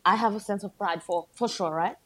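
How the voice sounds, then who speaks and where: A woman in her thirties from Bangladesh, a podcast guest chatting casually, animated and laughing often. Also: medium pitch, a little fast. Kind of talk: casual conversation.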